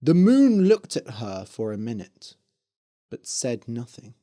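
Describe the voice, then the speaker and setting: A storyteller reading a fairy tale aloud slowly for English learners. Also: medium pitch. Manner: slow, clear, expressive. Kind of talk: scripted narration for English learners.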